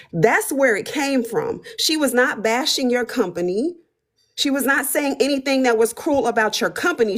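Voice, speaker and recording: A woman in her fifties moderating a heated livestream, firmly telling others to listen and wait their turn. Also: fairly high pitch. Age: 50s. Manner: firm, authoritative mediator.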